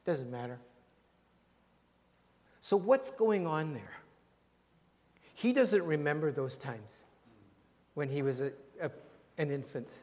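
An older man, preaching and praying in a church in a gentle, unhurried way, repeating phrases and often dropping very soft. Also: fairly high pitch. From Canada. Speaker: pastor. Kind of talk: sermon and prayer. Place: church sanctuary. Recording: long hall reverb, faint ambience.

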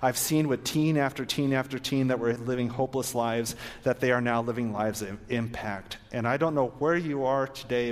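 A man's voice: medium pitch, normal speed, few pauses. A man preaching an earnest sermon to a live audience, then leading a prayer. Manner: earnest, exhorting, ends in prayer. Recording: long hall reverb.

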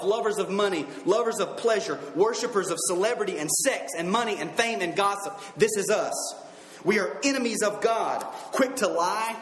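A man preaching a sermon earnestly, reading scripture slowly and driving each point home with emphasis. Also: high-pitched, fairly bright tone, roomy sound, slight background noise, poor audio.

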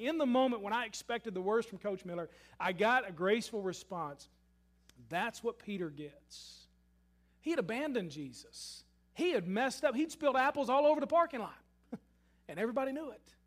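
A man preaching a sermon and telling a story, shifting between loud emphasis and hushed asides. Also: high-pitched. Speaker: pastor.

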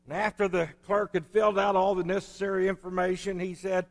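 A male pastor delivers a storytelling sermon in a folksy, easygoing manner. His voice sits notably high for a man. The recording carries the long reverb of a church hall. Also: little pitch movement, brisk, few pauses. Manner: storytelling preacher, folksy and conversational. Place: church sanctuary.

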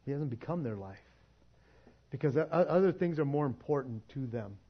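A man's voice: mid-range voice, lively intonation, moderate pace, husky, highs cut off. A man preaching a sermon in a church, casual and conversational, often restarting words and laughing. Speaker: pastor.

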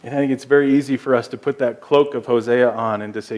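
Man, pastor, sermon, earnest, emphatic, mid-pitched voice. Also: fairly even intonation, fast, hardly any pauses, a little mellow. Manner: earnest, emphatic preaching with repeated words.

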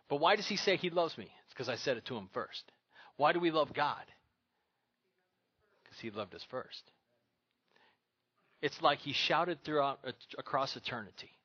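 A man preaching a sermon with a bright, forceful voice that sits a little high. He preaches emphatically, repeating key phrases, and the sound is dry and somewhat muffled. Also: expressive, moderate pace, pauses often, breathy edge, no room sound. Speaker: pastor.

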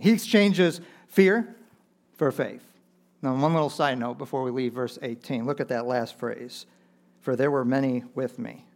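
Male pastor, mid-pitched, preaching with animated emphasis and frequent chuckles. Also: gravelly. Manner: animated preaching, rising and loud when reading Scripture; chuckles often between points. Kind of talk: sermon.

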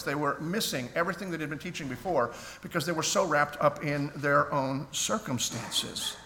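A man with a fairly high, bright, forceful voice preaches a sermon, earnest and conversational, restarting phrases as he goes. His voice carries a long echo through a church hall over faint background noise. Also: moderate pace, few pauses. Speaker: pastor.

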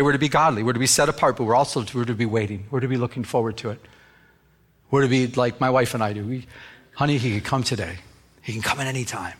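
A man preaching a sermon, telling stories with lively acted-out bits and sound effects, and dropping to a softer, lower voice in quiet passages. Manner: animated storytelling, acting out scenes with sound effects. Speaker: pastor.

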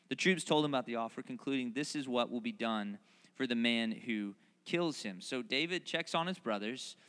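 A man preaching a sermon, reading scripture and then retelling it in animated, playful asides where he voices the characters. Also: a little high, big-room sound. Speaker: pastor. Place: large hall, recorded outdoors in a parking lot.

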